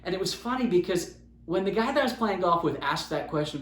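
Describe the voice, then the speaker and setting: A young man from Utah tells a story on his podcast in a lively, chatty way and acts out the bits he quotes. His voice sits a little high for a man. The room adds a noticeable echo. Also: fast. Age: young adult. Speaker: podcast host. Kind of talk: casual storytelling. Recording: roomy echo.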